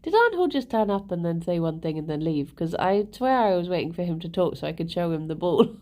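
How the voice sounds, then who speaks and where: A woman's voice: fairly low pitch, big pitch swings, a little fast, darkish tone. A woman live-streaming and chatting casually with her viewers, laughing often and talking to her pets. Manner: giggly, chatty, talks to pets and chat.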